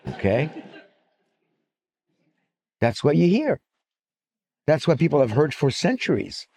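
A man speaking at a fixed microphone during a live talk with slides, his voice sitting a little high for a man. He speaks loosely and conversationally, trailing into fillers, restarting sentences and drifting into asides. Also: sing-song, takes it slowly, vocal fry, darkish tone, breathy edge. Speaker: speaker giving a talk on antisemitism.

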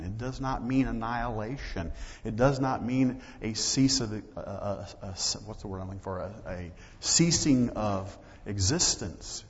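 A man preaching a sermon as pastor, talking conversationally and acting out little dialogues. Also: medium pitch. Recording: dull lo-fi audio with long hall reverb.

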